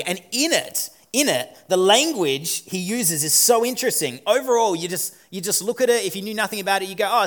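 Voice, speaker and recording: A man giving casual, digressive film commentary in an animated, talkative way. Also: on the high side. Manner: animated, digressive, quick asides.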